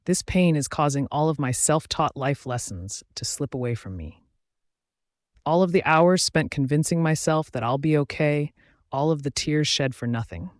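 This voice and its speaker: A man narrating a first-person fantasy audiobook in a reflective, measured reading. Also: mid-range voice, dry recording, studio quality.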